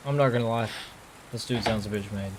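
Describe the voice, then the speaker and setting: A man's voice: on the low side, a little fast, rough recording. A man co-hosting a podcast in casual chat, laid-back with short reactions and blunt opinions. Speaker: podcast co-host.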